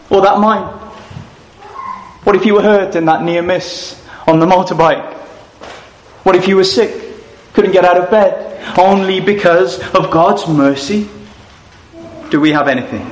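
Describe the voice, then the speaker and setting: A man preaching a sermon at a family camp, earnest and storytelling, using rhetorical questions. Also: high voice. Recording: echoey room, faint noise.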